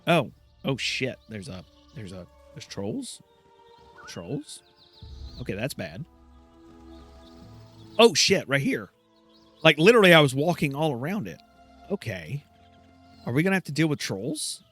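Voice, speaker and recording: A man's voice: medium pitch, big pitch swings, measured pace, long pauses, fairly bright tone, breathy edge, dry recording, faint music behind. A man commenting on his gameplay in a rambling, chatty, self-deprecating way. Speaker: gameplay host. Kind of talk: let's play commentary.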